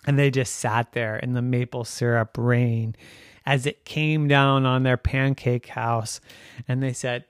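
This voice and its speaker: A man's voice: clear, resonant tone, no echo, clean studio sound. A man telling an improvised bedtime story in a playful way. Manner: playful, slow and lively, jumping up high for excited children's voices.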